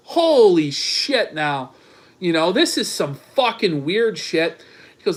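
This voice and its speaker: A man's voice: high-pitched, very animated, slow, husky. A man hosting a commentary show, mocking read-out texts in a crude, sarcastic, profane way. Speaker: commentary channel host.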